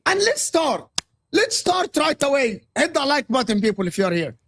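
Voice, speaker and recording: A man's voice: extremely high pitch, very animated, moderate pace, fairly bright tone. A man from Egypt, a guest football pundit, ranting passionately about football on a live stream and repeating his points.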